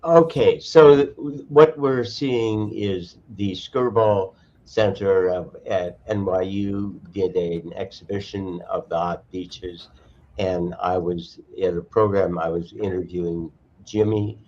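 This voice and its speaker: An older man, a cultural historian, speaking on a video call in a halting, thoughtful way. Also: sits low, steady tone, a little mellow. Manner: halting, thoughtful, frequent restarts. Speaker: cultural historian and archivist guest. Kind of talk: casual online conversation. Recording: dull lo-fi video call audio.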